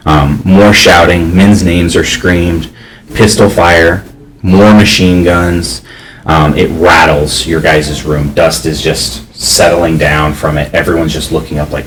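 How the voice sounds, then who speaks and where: A man narrating as game master of a tabletop game, halting, with many fillers and restarts. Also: a bass voice, recorded from a distance, a little hiss or hum, poor audio.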